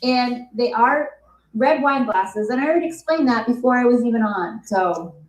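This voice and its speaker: A woman defends herself on a live commentary stream, exasperated and cursing. Her voice is slightly high and sits away from the mic. The room echoes. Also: expressive, moderate pace, far from the mic. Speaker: co-host guest.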